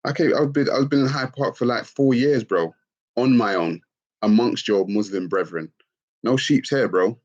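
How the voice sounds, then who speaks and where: A middle-aged man, casually chatting on a livestream and reading out comments, laid-back and quick to laugh. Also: lowish voice, darkish tone. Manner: laid-back, laughs often, calls people bro. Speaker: livestream host. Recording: dull lo-fi stream audio.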